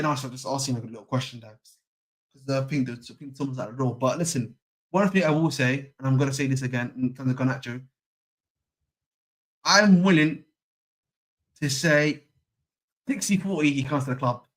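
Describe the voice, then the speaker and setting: Chatty young man, slangy. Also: fairly high pitch. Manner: chatty, repeats himself, slangy. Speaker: football channel host. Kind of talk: casual live-stream chat.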